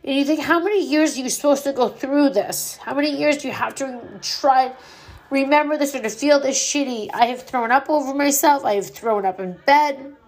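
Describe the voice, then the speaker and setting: A woman's voice: sits high, normal speed. A middle-aged woman hosting her own podcast, speaking candidly and earnestly about grief, swearing freely. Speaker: podcast host. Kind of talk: personal grief podcast monologue.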